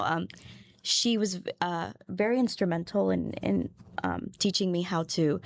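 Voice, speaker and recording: Hesitant woman with a creaky voice. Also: fairly low pitch, unhurried. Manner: hesitant, many fillers. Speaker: panel guest. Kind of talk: interview talk.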